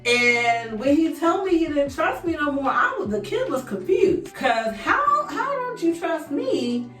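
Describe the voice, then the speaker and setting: A young woman tells a story to her viewers while she does her makeup, in a chatty, animated way. She sounds a little distant from the mic in an echoey room, with faint music playing behind her. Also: high voice, unhurried. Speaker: beauty vlogger. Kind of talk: casual storytime chat while doing makeup. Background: faint background music.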